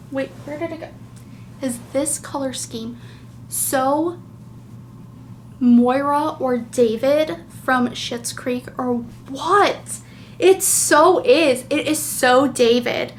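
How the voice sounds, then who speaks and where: A woman's voice: high-pitched, slight background noise. A woman hosting a knitting podcast, chatting casually and gushing, with lots of fillers. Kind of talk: casual chat.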